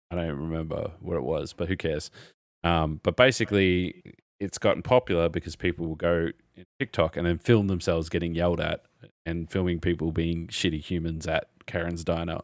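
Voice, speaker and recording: A low-voiced man rants on a casual podcast, swearing freely and leaning on sarcasm. The sound is dry and close, with no room around it. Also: dry recording. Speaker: podcast co-host.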